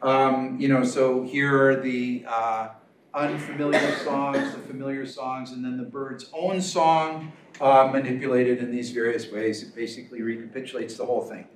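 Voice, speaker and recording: A man's voice: mid-range voice, steady tone, moderate pace, recorded from a distance, slight background noise. Chatty man lecturing in an echoey room. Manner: casual, chatty, many fillers and asides. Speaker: guest lecturer. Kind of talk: academic seminar talk.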